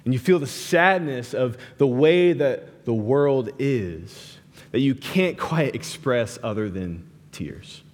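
A man's voice: medium pitch, expressive, takes it slowly. A young man preaching a sermon, talking casually and animatedly, with lots of "like" and "right" as he tells stories. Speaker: pastor. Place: large hall with a live audience. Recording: hall reverb.

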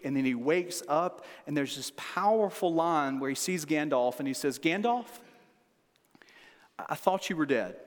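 A man in his forties, a pastor giving an earnest sermon that builds to fervent emphasis through repeated rhetorical questions. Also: fairly high pitch. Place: large church room with long reverb. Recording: long echoey hall reverb.

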